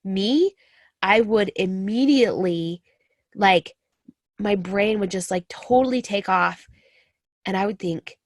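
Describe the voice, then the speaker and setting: A woman's voice: mid-range voice, slow pace, long pauses, no room sound, studio quality. A woman in her thirties, a military spouse, talking earnestly and confidingly about her own experience to listeners she calls friends. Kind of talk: personal talk to camera.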